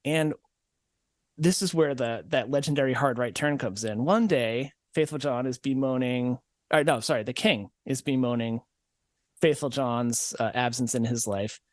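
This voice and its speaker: A man's voice: mid-range voice, moderate pace, no echo, clean studio sound. A man hosting a podcast, retelling a fairy tale as comedy in a wry, rambling manner. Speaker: podcast host.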